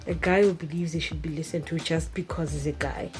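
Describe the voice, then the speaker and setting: Animated woman vlogger. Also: low voice, normal speed, faint music behind, rough recording. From Zimbabwe. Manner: animated, expressive, emphatic. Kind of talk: casual vlog chat.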